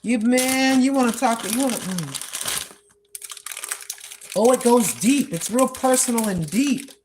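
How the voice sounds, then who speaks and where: A woman in her sixties from the United States vlogs during an outdoor walk, speaking at normal speed in a higher, darkish voice over slight background noise. She talks earnestly about prayer, praying and testifying repetitively like a preacher.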